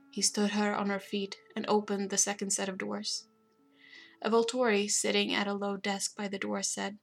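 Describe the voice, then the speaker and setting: A woman narrating a fantasy novel aloud in a steady, even reading voice. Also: medium pitch, moderate pace, vocal fry, faint music behind. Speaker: audiobook narrator. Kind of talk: scripted narration.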